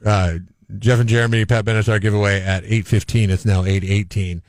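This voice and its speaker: A man's voice: fairly low pitch, flat delivery, brisk, no room sound. A man co-hosting a radio morning show in casual on-air banter, joking and teasing his partner. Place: radio studio.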